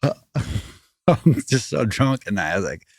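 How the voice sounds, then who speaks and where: A man, a podcast guest telling a story in rambling, animated casual talk full of restarts. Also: medium pitch, takes it slowly, no room sound. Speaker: podcast guest, former fighting champion.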